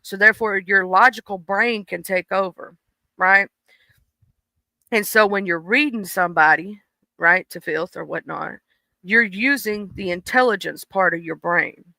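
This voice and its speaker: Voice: medium pitch, a little slow, gravelly, bright, forceful tone, dry recording. A livestream host giving blunt, preachy commentary in casual talk, swearing freely. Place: home room. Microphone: desk microphone.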